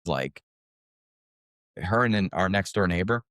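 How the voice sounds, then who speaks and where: Man in his 40s, low voice, dry close sound, chatty interview guest, filler-heavy. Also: unhurried, no echo. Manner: conversational, animated anecdotes, many fillers. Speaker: podcast guest. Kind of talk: casual interview talk.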